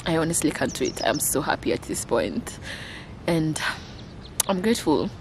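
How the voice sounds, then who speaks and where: A woman's voice: sits low, very animated, normal speed, a little hiss or hum. A Kenyan woman in her twenties, talking to camera in a casual vlog, emotional and gushing, repeating her phrases. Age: 20s. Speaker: vlogger.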